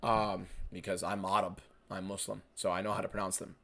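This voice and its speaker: A man's voice: low-pitched, flat delivery, fairly quick, creaky, noisy background. An American man hosting a fight watchalong stream, answering viewer questions in blunt, casual chat with a fair bit of swearing. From United States.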